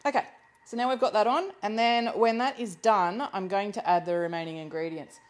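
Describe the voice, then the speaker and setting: A woman's voice: fairly even intonation, a little fast. A woman hosting a live cooking class from her kitchen, talking casually as she works, thinking aloud with ums and laughing easily. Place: home kitchen. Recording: low-quality livestream audio.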